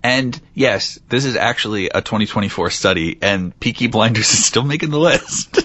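Low-voiced man hosting a podcast. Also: animated, moderate pace, bright, forceful tone, muffled recording. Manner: reads out facts, teasing, laughs often. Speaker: podcast host. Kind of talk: casual podcast chat.

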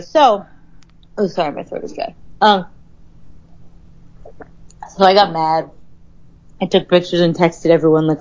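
A woman's voice: lowish voice, fairly even intonation, measured pace, pauses often, darkish tone, muffled recording. A woman co-hosting a podcast, telling a story in casual chat with an exasperated, profane manner. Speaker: podcast co-host.

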